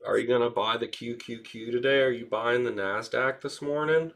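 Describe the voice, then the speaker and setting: A woman's voice: a bass voice, moderate pace. A woman livestreaming about markets in casual chat, blunt and profane, laughing often. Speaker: finance livestreamer.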